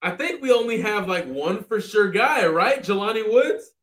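A man's voice: high voice, expressive, moderate pace, fairly bright tone. A man hosting a casual sports podcast, laid-back and slangy as he runs through the roster. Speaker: podcast host.

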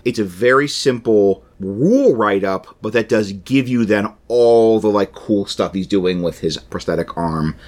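A man's voice: on the low side, measured pace, few pauses, a little mellow. A man co-hosting a podcast, explaining tabletop game rules in a playful, rambling, enthusiastic way. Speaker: podcast co-host. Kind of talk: casual chat about a tabletop game.

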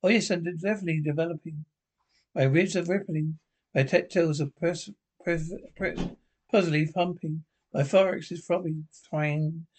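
A man's voice: a little high, steady tone, moderate pace, a little mellow, a little hiss or hum, close to an everyday voice. Brief: male actor as a vain French ambassador, stammering, pompous, broad comedy. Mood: boastful. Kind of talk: 1970s film comedy acting.

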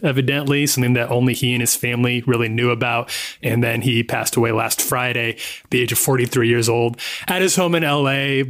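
A man hosting a chatty podcast, talking in a relaxed, conversational way at a middle pitch. He pauses often with fillers as he leads the discussion. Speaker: podcast host. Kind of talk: casual podcast chat.

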